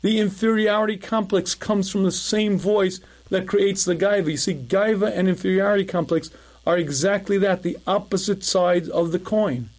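Man, middle-aged, high voice, rabbi's lecture, conversational storytelling, clears throat often. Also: fairly even intonation, moderate pace.

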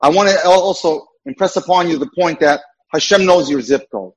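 A man's voice: a little high, fairly quick, lo-fi sound. A man who works as a dating mentor, giving an emphatic lecture with repeated points.

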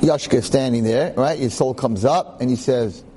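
A man giving a storytelling lecture in an animated, joking, conversational way. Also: medium pitch, moderate pace, slight background noise. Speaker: Jewish lecturer.

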